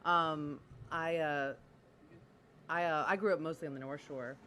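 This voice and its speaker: A woman from Louisiana, a guest on a podcast, chatty and quick to agree. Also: low-pitched, steady tone, a bit bright, slight background noise. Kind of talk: casual podcast chat.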